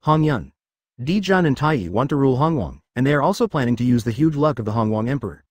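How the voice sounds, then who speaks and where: A man narrating a web novel aloud in an even, machine-like reading. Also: mid-range voice, fast, no room sound, studio quality. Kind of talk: text-to-speech novel reading.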